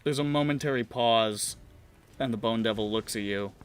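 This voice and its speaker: A man's voice: medium pitch, moderate pace, clean tone. A man narrating as game master in a casual, swearing, laughing manner.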